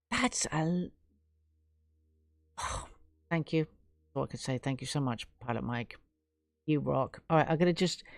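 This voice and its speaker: A woman's voice: sits low, a little mellow, no echo, studio quality. Chatty, effusive English woman live-streamer. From England. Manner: chatty and effusive, gushing thanks to viewers. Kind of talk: casual live stream chat.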